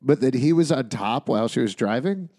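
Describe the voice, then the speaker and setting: A man hosting a relaxed podcast, recapping a TV episode with an animated, joking manner. He rattles off plot points in quick lists at a mid pitch. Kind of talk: casual chat.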